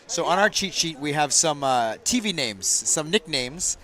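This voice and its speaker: A man calling a game from a commentary booth on a booth microphone, joking with his co-host and bursting loud on big plays. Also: on the high side, animated, unhurried, crowd noise. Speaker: sports commentator. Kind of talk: play-by-play commentary with banter.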